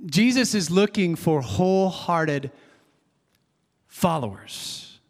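A man's voice: fairly high pitch, lively intonation, slow, big-room sound. A man preaching a sermon as pastor, earnest and conversational, repeating himself and adding asides.

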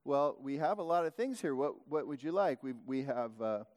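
A man's voice: mid-range voice, animated, normal speed, a little mellow, close to an everyday voice. A man doing a polite, hesitant butcher. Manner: hesitant, courteous. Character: polite helpful male butcher. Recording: long hall reverb.

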